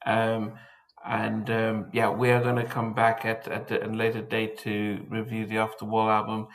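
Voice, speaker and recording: A soft-spoken man co-hosting a relaxed film chat. He sounds thoughtful and unhurried, with frequent stammered repeats as he gathers his thoughts. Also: on the low side. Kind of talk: casual chat.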